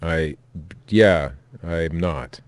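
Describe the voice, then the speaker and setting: Deep-voiced man bantering deadpan. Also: drawn-out words. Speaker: podcast co-host. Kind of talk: casual chat.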